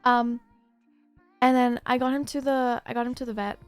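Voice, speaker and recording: A woman's voice: fairly high pitch, fairly even intonation, normal speed, clean tone, no echo, faint music behind. A woman livestreamer chatting casually, telling a rambling story with lots of fillers and restarts.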